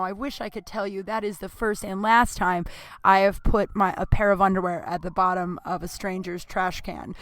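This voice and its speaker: A woman comedian hosting her own podcast, telling a story in a candid, profane and self-mocking way, with plenty of filler words, recorded on a computer in a small warm room. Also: medium pitch, clear, resonant tone, no echo. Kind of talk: casual storytelling monologue.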